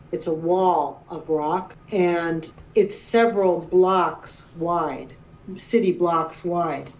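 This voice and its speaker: Excitable middle-aged woman, dull audio. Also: on the low side. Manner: emotional, excitable, quoting herself. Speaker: guest researcher. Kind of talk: animated storytelling interview.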